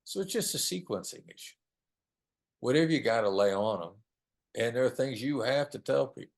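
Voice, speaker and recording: A man's voice: medium pitch, animated, fairly quick, gravelly. A man in his sixties, a negotiation expert guest, giving conversational advice in an emphatic way and repeating key phrases.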